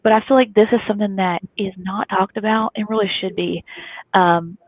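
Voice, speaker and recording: A fast, animated woman tells her story on a video call. The audio is thin and phone-like, with a dry, close sound. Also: mid-range voice, no room sound. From Kentucky, USA. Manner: lively, chatty, animated storytelling. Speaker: guest. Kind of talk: casual storytelling on a live talk show.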